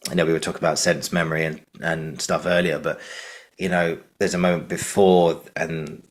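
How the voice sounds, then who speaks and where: A man's voice: very deep voice, flat delivery, normal speed. A man with a southern English accent hosting an interview podcast, talking eagerly in long rambling sentences full of fillers. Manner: enthusiastic, rambling, filler-heavy. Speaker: podcast host.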